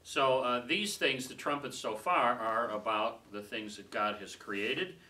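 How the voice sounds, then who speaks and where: A man leading a casual Bible study group, talking conversationally, laughing easily and trailing off softly. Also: medium pitch, unhurried. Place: small room with a group. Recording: distant mic with faint room noise.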